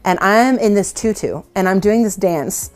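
A woman worship leader with a mid-range voice and lively intonation speaks at a moderate pace. In a casual interview she tells self-deprecating stories, laughing frequently.

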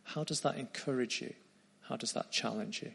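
A man preaching a sermon, retelling a story earnestly and dropping into quieter tones. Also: mid-range voice, moderate pace, creaky, slightly rough.

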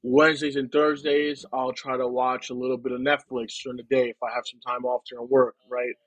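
A young man from New Jersey, talking casually as a podcast guest, in a relaxed and rambling way with frequent "man" and "right". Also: mid-range voice, fairly quick, dry recording, rough recording. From New Jersey, United States. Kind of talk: casual conversation.

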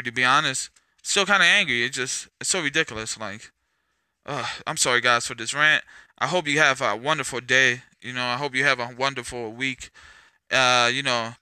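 A man's voice: mid-range voice, sharp tone, smooth, no room sound. A man hosting his own podcast, talking in a rambling, profane, casual way and dropping "man" and "bro" into his sentences. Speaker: podcast host. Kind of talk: casual solo podcast rant.

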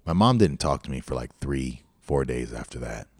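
A man's voice: a bass voice, expressive, normal speed, dry recording, studio quality. A middle-aged man hosting a podcast, telling a personal story in a candid, reflective way. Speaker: podcast host. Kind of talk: storytelling monologue.

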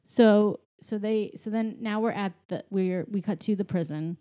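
A woman chatting casually about a movie she just watched, retelling its scenes in an animated way. Her voice is mellow and warm, never sharp. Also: medium pitch, moderate pace. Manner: animated retelling, voicing characters playfully. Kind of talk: casual movie recap chat.

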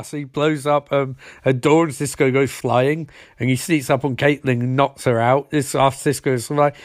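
A young man giving a sarcastic, rambling recap of a TV episode, mocking the characters by acting out their lines in quick put-on voices. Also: medium pitch, steady tone, dry recording, clean studio sound. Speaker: TV episode reviewer.

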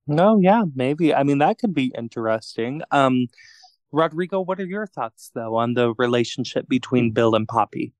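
A man's voice: medium pitch, lively intonation, normal speed, no room sound. A man co-hosting a podcast in casual chat, upbeat, passing the question to a co-host.

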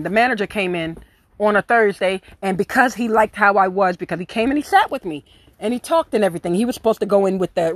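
A woman hosting a podcast, telling a story in a blunt, profane, animated way with acted-out quotes. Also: mid-range voice. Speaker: podcast host. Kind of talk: casual storytelling monologue.

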